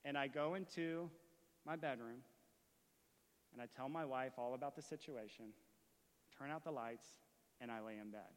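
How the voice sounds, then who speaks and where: A man preaching a sermon as a story, moving from hushed retelling to impassioned shouting. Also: mid-range voice, moderate pace, long pauses, in a large hall. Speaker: pastor.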